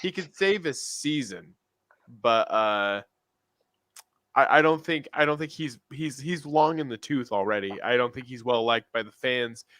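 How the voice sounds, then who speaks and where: A man's voice: mid-range voice, lively intonation, unhurried, fairly bright tone, no room sound. A man co-hosting a casual sports podcast, rambling and often restarting his sentences. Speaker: podcast co-host.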